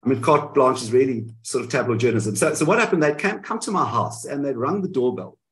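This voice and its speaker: A man in a candid interview, telling his side of events in an animated way and often correcting himself mid-sentence, heard over a video call. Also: mid-range voice, quick pace, rough recording. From South Africa. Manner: animated storytelling, frequent self-corrections. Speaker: guest.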